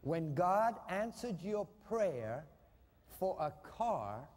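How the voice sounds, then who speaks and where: A man preaching a sermon to a congregation, leading call-and-response and swinging from shouts to hushed asides. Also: high voice, big pitch swings, drawn-out words, long reverb tail. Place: church hall with a congregation.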